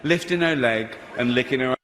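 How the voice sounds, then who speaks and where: A man doing a stand-up routine, mocking and animated, with sweary asides. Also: mid-range voice, normal speed. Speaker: stand-up comedian. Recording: stage mic in a reverberant venue, faint noise.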